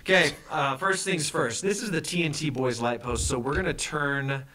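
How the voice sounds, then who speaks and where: Silly falsetto host bit, a man putting it on, bouncy and off-mic. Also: moderate pace, pushed and bright. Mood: goofy. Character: goofy squeaky male kid-show host voice.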